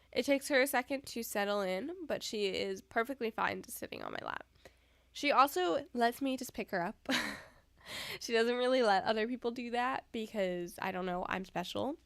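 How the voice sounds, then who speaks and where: Young woman, casual chat, yawning, giggly, higher voice, dry sound. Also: fairly bright tone, no echo. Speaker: streamer. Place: indoors at home.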